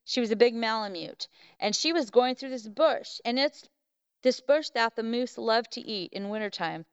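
A woman's voice: a little high, lively intonation, moderate pace, clean tone, dry recording, dull audio. A middle-aged woman, a podcast guest, telling a story in a rambling way full of fillers and restarts. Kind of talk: casual storytelling.

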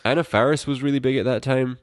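A man's voice: mid-range voice, fairly even intonation, fast talker, dry recording, studio quality. A man co-hosting a casual film-review podcast, rambling and swearing as he retells the plot. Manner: rambling, profane, acts out characters in quotes. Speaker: podcast co-host.

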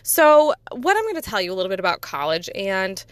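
A woman's voice: medium pitch, big pitch swings, brisk, smooth, no room sound. A woman, chatting casually and rambling, laughing often at herself. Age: 30s. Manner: giggly, rambling, self-deprecating. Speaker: podcast host. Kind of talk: casual personal chat.

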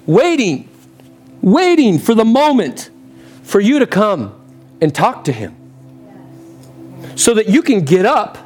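A man in his thirties, a pastor preaching a sermon in church, impassioned, with big swings in pitch and pace. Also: a little mellow.

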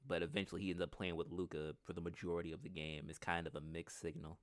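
A man's voice: sits low, animated, fast talker, fairly bright tone, dry recording, studio quality. A man co-hosting a podcast, chatting casually about basketball in a loose, rambling way and laughing often. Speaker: podcast co-host. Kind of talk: casual sports chat.

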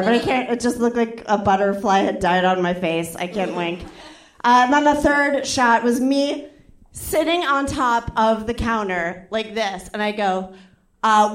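A young woman doing stand-up, telling a story in a chatty, animated way and acting out the other people's lines. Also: on the high side, measured pace, roomy sound. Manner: animated, acts out quotes with voices, frequent "like". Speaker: stand-up comedian.

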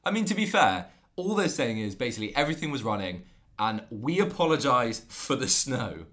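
Male co-host, animated and bright, jokey review reader. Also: medium pitch, brisk. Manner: laughs often, reads reviews aloud. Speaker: podcast co-host. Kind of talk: casual comedic chat.

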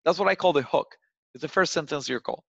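A man's voice: a little high, fast, gravelly, dry recording. Guy talking sales tips real casual, lots of "like" and "right?", recording sounds kinda dull and dry. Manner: loose and chatty, heavy on "like" and "right?". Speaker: sales coach. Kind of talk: casual advice chat.

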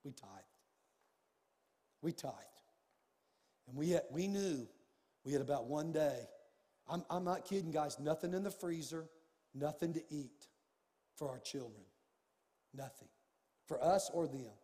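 A man preaching a sermon as a pastor, telling a personal story with animated swings from hushed tones to shouting. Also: a little high, measured pace, pauses often, big-room sound.

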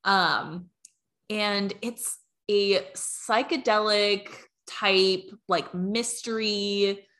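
A woman's voice: medium pitch, very slow, fairly bright tone. A young woman co-hosting a podcast, chatting casually and agreeably with lots of "like" fillers. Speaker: podcast co-host. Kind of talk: casual chat.

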